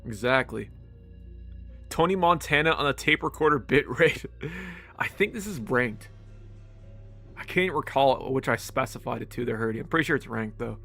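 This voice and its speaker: A man's voice: mid-range voice, lively intonation, moderate pace, gravelly, a bit bright, soft background music. Laid-back, laughing male game streamer. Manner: laid-back, laughs often, chats with viewers. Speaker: live streamer. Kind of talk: casual live-stream chat.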